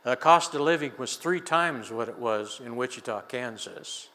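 An older man delivers a sermon, mixing scripture with a folksy personal story told with easy chuckles. His voice is bright and forceful. The sound rings with the long reverb of a large church sanctuary. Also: medium pitch, lively intonation, moderate pace. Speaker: preacher.

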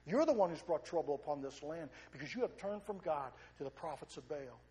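A man's voice: fairly high pitch, lively intonation, brisk, mellow, pitched below the performer's own voice, lightly acted. A man preaching, voicing a confident, commanding male prophet in a retold story.

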